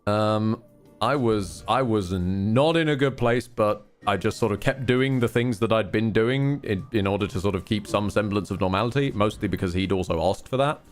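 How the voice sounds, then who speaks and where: A man's voice: fairly low pitch, normal speed, soft background music. A man live-streaming a game, chatting casually, rambling and swearing often with candid asides.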